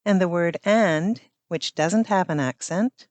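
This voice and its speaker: A woman hosting a language-learning podcast, reading a scripted lesson in a patient, clear way and asking the listener questions. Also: fairly low pitch, unhurried, darkish tone, dry recording. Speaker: language teacher and podcast host.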